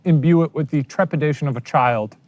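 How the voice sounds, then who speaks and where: A woman's voice: low voice, brisk, a little mellow. A woman hosting a livestream, chatting casually in a playful, teasing way and laughing often. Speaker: streamer host. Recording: music playing underneath.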